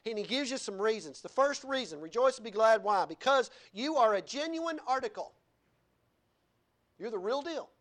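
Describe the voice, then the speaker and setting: A male pastor with a lilt delivers a lively sermon. His voice swings from low, quiet asides to bright, loud declarations, broken by laughing remarks. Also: moderate pace. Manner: animated, laughing asides, wide swings in pitch and loudness.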